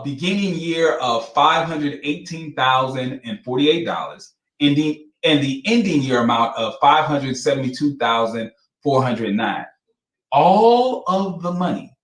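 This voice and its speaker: A financial advisor comments on financial records in a fairly high, slightly bright voice, laughing often and sounding incredulous and emphatic. The recording has a roomy echo.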